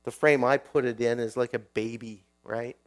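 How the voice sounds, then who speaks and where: A man's voice: mid-range voice, steady tone, normal speed. A male pastor preaching a sermon in a conversational way, often putting questions to his listeners.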